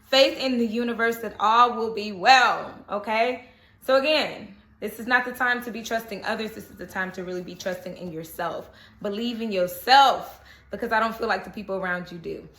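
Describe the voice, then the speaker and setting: A woman's voice: mid-range voice, normal speed, fairly bright tone. A woman giving a casual spoken tarot reading, chatty and reassuring, often checking in with "okay?". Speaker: tarot reader. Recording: echoey room.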